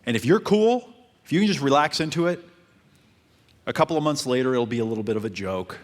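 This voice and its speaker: A man giving dating advice in a calm coaching talk, repeating his points. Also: mid-range voice, fast talker.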